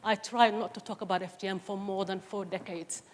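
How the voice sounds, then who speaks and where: A woman's voice: medium pitch, steady tone, brisk, a little hiss or hum. A woman in her forties with a Somali accent, giving an earnest, emphatic personal testimony on stage with humorous asides. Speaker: speaker. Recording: long hall reverb on stage.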